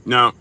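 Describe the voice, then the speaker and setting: A man hosting a casual livestream, reading out viewer names and super chats in a slangy, laid-back way, sometimes chewing as he talks. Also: pushed and bright. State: chewing while talking. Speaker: livestream host. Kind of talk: casual live-stream chat, reading out viewer shout-outs.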